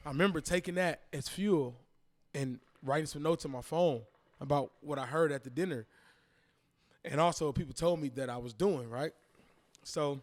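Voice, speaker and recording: Animated man telling his story. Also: fairly high pitch. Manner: animated, acts out quoted voices, repeats phrases. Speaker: podcast guest. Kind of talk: casual storytelling interview.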